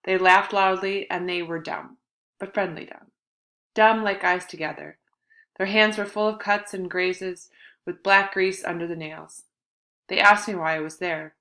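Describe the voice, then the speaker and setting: A woman's voice: fairly low pitch, steady tone, measured pace, pushed and bright. A woman reading a first-person novel as an audiobook, in an earnest, confiding storytelling manner. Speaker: audiobook narrator.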